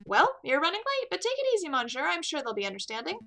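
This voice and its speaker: A woman's voice: high voice, wildly swooping pitch, quick pace, gravelly, sharp tone, pitched above the performer's own voice, exaggerated voice. A woman voicing a friendly male kingfisher fisherman in a game, who chatters eagerly. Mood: caring. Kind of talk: game dialogue read aloud.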